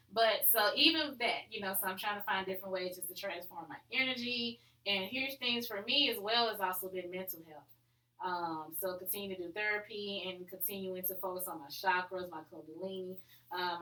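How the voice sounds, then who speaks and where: A woman's voice: medium pitch, sharp tone, roomy sound, low-quality recording. A woman hosting her own podcast, talking casually and upbeat with plenty of fillers. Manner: chatty and upbeat, many fillers. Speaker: podcast host. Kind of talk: casual solo podcast talk.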